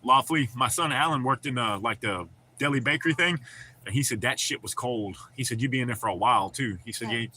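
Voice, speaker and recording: Bright-voiced, laid-back man. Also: mid-range voice, fast, husky. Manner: profane, laid-back, laughs often. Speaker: livestream host. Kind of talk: casual livestream chat with viewers.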